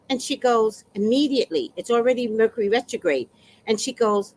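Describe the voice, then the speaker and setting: A woman's voice: fairly high pitch, fairly quick, poor audio. A woman telling a personal story in a casual monologue, acting out the exchanges she describes. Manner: animated, acts out quoted exchanges.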